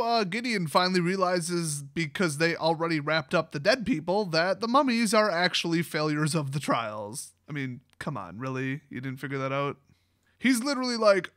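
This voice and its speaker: A man's voice: on the high side, animated, normal speed, sharp tone, dry recording, studio quality. A man hosting a card game channel, giving a sarcastic, mocking recap of a fantasy storyline and laughing often.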